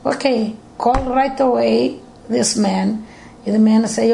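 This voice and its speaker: A woman's voice: a little high, measured pace, creaky, slight background noise, low-quality recording. An older woman with a Portuguese accent, telling her family history in broken English during an interview at home. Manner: broken English, animated storytelling with acted quotes.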